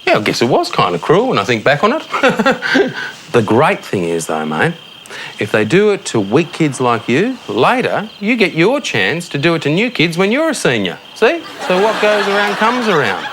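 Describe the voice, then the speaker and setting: A breezy Australian dad. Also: male voice, a little high, wildly swooping pitch, moderate pace, fairly bright tone, slight background noise. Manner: breezy, chummy, keeps calling his son mate. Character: blithely tactless suburban dad, cheerful and careless. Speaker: father tucking his son into bed. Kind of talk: TV sketch comedy acting. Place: child's bedroom at night, a TV set.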